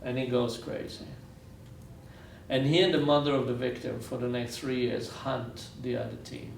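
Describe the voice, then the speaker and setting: Gravelly guy lecturing, mic pretty far away, echoey room, little hiss. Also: mid-range voice, little pitch movement, moderate pace. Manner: earnest, repeats phrases for weight. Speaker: guest lecturer. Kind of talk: storytelling lecture.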